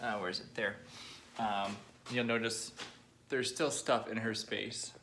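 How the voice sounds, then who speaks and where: A young man recording a personal video diary, halting and emotional, choked up at times and pausing often with fillers. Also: fairly low pitch, steady tone, bright, forceful tone, slight background noise. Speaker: vlogger.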